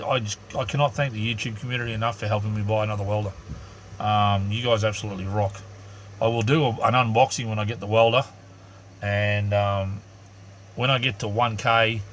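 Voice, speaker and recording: A man's voice: lowish voice, a bit bright, a little hiss or hum. An Australian man chatting bluntly and loosely on a live stream to his viewers, with lots of ums and restarts. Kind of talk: casual live-stream chat.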